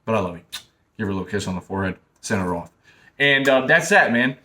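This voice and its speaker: A man's voice: lowish voice, animated, fast talker, pushed and bright. Blunt, preachy young man. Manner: blunt, preachy, repeats himself, calls listener man and bro. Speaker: self-help talker. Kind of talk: casual direct-to-camera advice talk.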